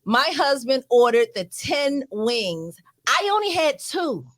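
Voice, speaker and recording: High, slow-talking, expressive woman. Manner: unhurried, expressive, laughing often. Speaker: co-host. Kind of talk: casual group chat.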